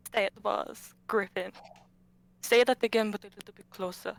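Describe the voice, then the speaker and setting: Give me a gravelly woman player who teases, with faint background noise. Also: mid-range voice, fairly even intonation, normal speed. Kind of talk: tabletop role-play chat.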